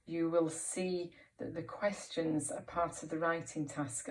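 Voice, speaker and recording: Brief: primary teacher, woman, lowish voice, clear step-by-step encouragement. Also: slight background noise. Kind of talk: recorded reading lesson for children.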